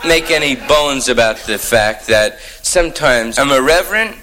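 A man doing a stand-up monologue, talking in hip slang and riffing with sudden jumps in pitch. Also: expressive, moderate pace, over loud music, poor audio. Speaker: stand-up comedian.

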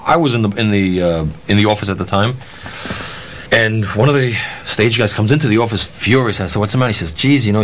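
A man's voice: on the low side, a little hiss or hum. A man, a concert promoter, telling a profane anecdote and acting out the dialogue. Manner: animated, profane, acts out dialogue. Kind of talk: storytelling anecdote.

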